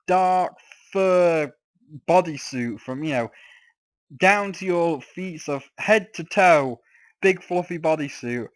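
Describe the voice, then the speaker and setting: A man's voice: on the high side, no room sound. Exasperated ranting man, dry sound. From England. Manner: ranting, exasperated, swears freely. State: slightly sore throat. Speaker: let's play host. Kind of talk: casual gameplay commentary.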